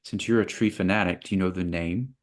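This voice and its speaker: Low-voiced man telling a parable. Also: fairly even intonation, fairly quick. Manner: playful, acts out little voices in his parables. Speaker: interview guest. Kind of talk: storytelling in conversation.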